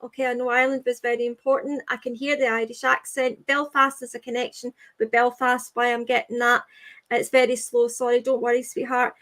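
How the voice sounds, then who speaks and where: A woman giving a live spirit reading as a medium, halting and repetitive, often reassuring with "okay, sweetheart". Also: on the high side, little pitch movement, a bit bright. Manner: halting, repeats phrases, soothing with "okay, sweetheart".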